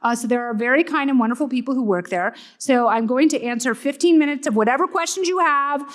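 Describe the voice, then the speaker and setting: A middle-aged woman delivers a comic conference keynote from a stage, her voice sitting high. She is irreverent and playful, tossing quick jokes and asides to the audience. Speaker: keynote speaker. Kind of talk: comedic conference talk.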